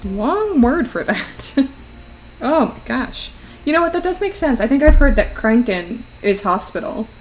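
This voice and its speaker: A woman's voice: fairly high pitch, big pitch swings, measured pace, poor audio. Woman streamer, casual and giggly, talking to chat while drawing, faint music behind. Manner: chatty, laughs often, reacts to chat.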